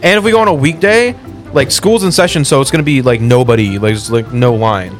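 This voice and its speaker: A man's voice: mid-range voice, a little fast, soft background music. Laid-back swearing man, casual chat. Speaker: podcast co-host.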